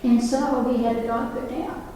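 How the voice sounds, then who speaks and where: In a library meeting room, an older nurse past sixty-five speaks earnestly at a moderate pace, her fairly high, dark voice delivered flatly. She poses questions and asides to listeners, and the distant mic picks up hall echo plus a faint hiss or hum.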